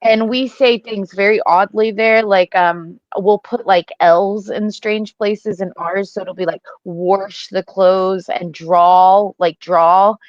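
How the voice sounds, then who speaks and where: A woman's voice: mid-range voice, fairly even intonation, takes it slowly, few pauses, no echo. Missouri woman, Missouri accent, livestream guest, rambling, slightly muffled sound. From Missouri, USA. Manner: rambling, heavy with "like" and "um". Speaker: co-host guest. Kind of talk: casual livestream chat.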